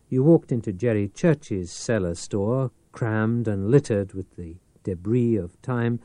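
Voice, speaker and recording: A man narrating a novel in a measured, dramatic storytelling manner. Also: mid-range voice, warm tone, no echo. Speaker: audiobook narrator. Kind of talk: scripted narration.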